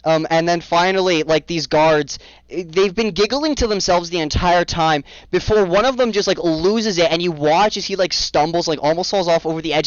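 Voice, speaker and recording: A man's voice: on the high side, moderate pace, dry recording, muffled recording. A man narrating a tabletop game as game master, telling the scene in a loose way full of fillers. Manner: loose, filler-heavy storytelling.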